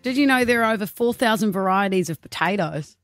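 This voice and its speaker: A woman's voice: medium pitch, lively intonation, a little fast. Brief: New Zealand woman radio co-host, dry comebacks, faint music bed. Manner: dry, mock-exasperated. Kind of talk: drive-time radio banter.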